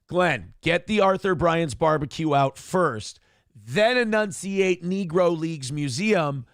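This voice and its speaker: A man hosting a morning talk show in casual chat, rambling and animated, swearing freely with lots of fillers. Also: fairly high pitch, slow pace, no echo, studio quality.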